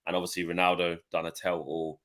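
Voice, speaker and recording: A man co-hosting a casual football podcast, talking in an animated, rambling way. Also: deep voice. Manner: rambling, animated, quick to laugh.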